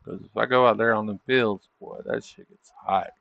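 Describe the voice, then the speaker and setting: A man's voice: fairly low pitch, fairly even intonation, normal speed, gravelly, fairly bright tone, no echo, muffled recording. A man hosting a trading livestream, chatting casually over charts and tossing in tag questions like "isn't it?". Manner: loose, chatty, thinking aloud.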